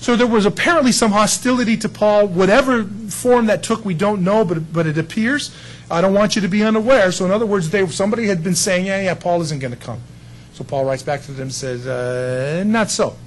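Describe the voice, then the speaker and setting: A man's voice: high voice, brisk, rough recording. A male pastor giving a conversational sermon, acting out quotes of the people he talks about. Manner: conversational preaching with acted-out quotes.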